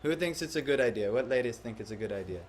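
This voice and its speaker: In front of a live audience, a man teaching a devotional class often poses questions to those present and performs the voices of people he quotes. He talks fast at a medium pitch with lively intonation, and there's a little hiss or hum.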